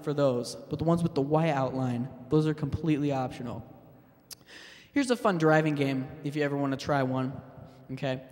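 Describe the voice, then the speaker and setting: Halting deadpan comedian, high voice. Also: male voice. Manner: hesitant, halting delivery with fillers and restarts. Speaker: stand-up comedian. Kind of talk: deadpan stand-up set. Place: public access TV studio stage. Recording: long hall reverb.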